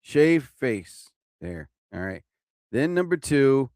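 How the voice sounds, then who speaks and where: A man's voice: mid-range voice, big pitch swings, slow, darkish tone, clear, resonant tone, dry recording, studio quality. A young man hosting a casual live-stream show, rambling and joking, swearing often as he fumbles with his sound effects. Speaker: host.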